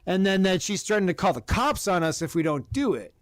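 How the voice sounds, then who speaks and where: A man telling a long profane story about his neighbor in casual podcast chat, animated and blunt. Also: high voice, quick pace, no room sound. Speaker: podcast host. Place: Oregon.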